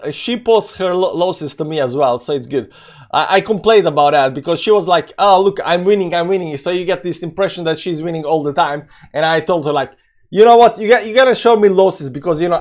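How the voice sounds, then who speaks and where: A man with a somewhat high voice hosts a relaxed live stream. He drifts between chatting with viewers and muttering through chart lines. His non-native English is full of fillers, repeated phrases and half-finished thoughts. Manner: loose and rambling, many fillers, greets chat viewers. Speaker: crypto trading live-streamer.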